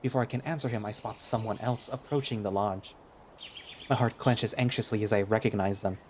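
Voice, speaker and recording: A man narrating a first-person audio drama in a wry, expressive way. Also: lowish voice, brisk, slight background noise. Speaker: narrator and lead voice.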